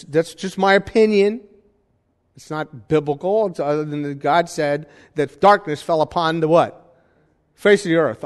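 Male pastor, slightly high voice, conversational sermon, asks the room questions, long hall reverb.

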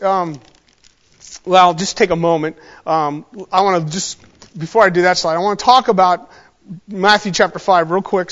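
A man's voice: sits high, fairly bright tone, dull audio. A man preaching a sermon in a conversational way, often checking in with his listeners. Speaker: pastor.

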